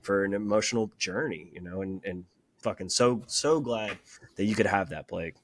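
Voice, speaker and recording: A man's voice: lowish voice, normal speed. A man co-hosting a casual podcast chat, speaking in a reflective, emphatic way with many "you know"s. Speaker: podcast co-host.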